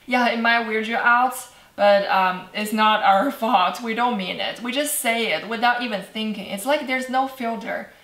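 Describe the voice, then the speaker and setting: A woman from China with a Chinese accent, teaching a cheerful online language lesson, laughing often and repeating words slowly for practice. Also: on the high side, fairly bright tone, echoey room. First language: Mandarin Chinese.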